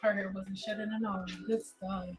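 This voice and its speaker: A woman's voice: medium pitch, flat delivery, normal speed, faint music behind. A woman hairstylist hosting a live stream, giving blunt, insistent advice and repeating pointed questions.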